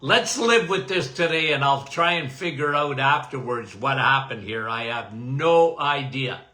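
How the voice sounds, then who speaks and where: A man's voice: mid-range voice, lively intonation, unhurried, bright, forceful tone, roomy sound. A man hosting a health livestream and podcast, chatting casually and greeting viewers by name.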